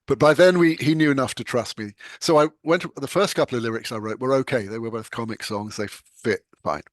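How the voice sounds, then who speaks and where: An older British man, a novelist appearing as an interview guest, tells conversational anecdotes in a brisk, medium-pitched voice. He's an animated storyteller who laughs often, and the studio sound is clean with no echo.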